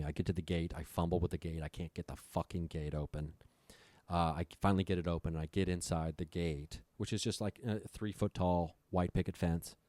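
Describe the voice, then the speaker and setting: Male guest, low voice, profane storyteller, dry mic. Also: dark tone, dry recording. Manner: profane, breathless retelling. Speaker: podcast guest. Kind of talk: storytelling on a comedy podcast.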